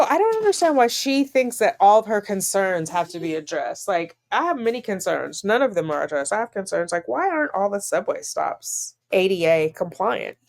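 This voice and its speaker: A woman's voice: mid-range voice, vocal fry. A woman reading court filings aloud and breaking off into dry, sarcastic commentary. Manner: sarcastic, dryly incredulous asides. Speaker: online commentator.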